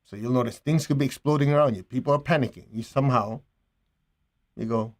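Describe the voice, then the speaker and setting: A man leading a guided meditation and spiritual teaching, speaking calmly and gently in a relaxed, conversational way. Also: medium pitch. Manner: calm, gentle, unhurried.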